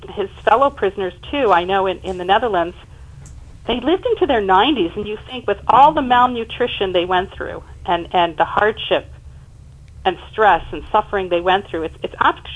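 Woman in her fifties, interview guest, emphatic animated storyteller, mid-pitched voice. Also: moderate pace, dull audio. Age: 50s. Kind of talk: personal storytelling in conversation.

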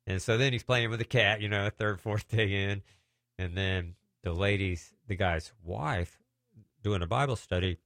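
Gravelly-voiced man telling stories. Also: on the low side, measured pace, no echo, clean studio sound. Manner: animated, acts out quoted voices. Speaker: minister telling deliverance stories. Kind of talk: casual storytelling testimony.

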